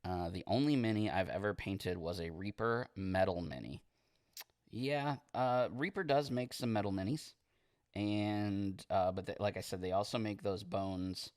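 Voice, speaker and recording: Deep-voiced man chatting while painting. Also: a little slow, no room sound, studio quality. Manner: relaxed, rambling, reads chat comments aloud. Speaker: miniature painting streamer. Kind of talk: casual livestream chat while painting.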